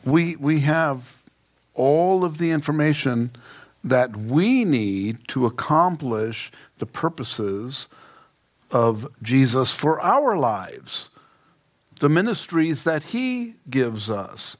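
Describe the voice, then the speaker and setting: A man's voice: mid-range voice, sing-song, takes it slowly. A man preaching a casual Bible-study sermon, informal and emphatic, with joking asides. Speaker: pastor. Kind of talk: conversational Bible teaching sermon.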